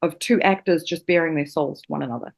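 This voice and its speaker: A woman's voice: sits low, fast talker, vocal fry. Passionate woman guest from New Zealand. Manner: passionate, vivid imagery, casual swearing. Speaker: actor and acting teacher guest. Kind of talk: casual interview chat.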